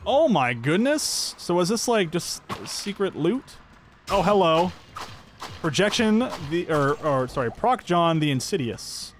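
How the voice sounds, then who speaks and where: A man's voice: high voice, lively intonation, a little slow, a little hiss or hum. A man giving upbeat, chatty let's-play commentary, thinking aloud as he plays. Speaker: gameplay commentator.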